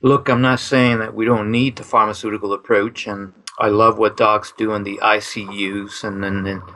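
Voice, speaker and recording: A man, a doctor as guest, answering interview questions in a relaxed, conversational way with some fillers. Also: fairly low pitch, moderate pace.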